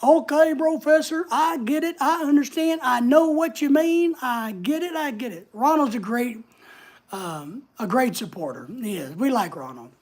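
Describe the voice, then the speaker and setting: A woman's voice: high-pitched, animated, moderate pace, darkish tone. A woman hosting a casual livestream, chatting away and answering viewer comments as they come in. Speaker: livestream host.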